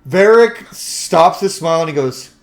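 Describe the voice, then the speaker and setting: A man narrating as game master in a tabletop game, chatty and quick to laugh. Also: on the high side, lively intonation.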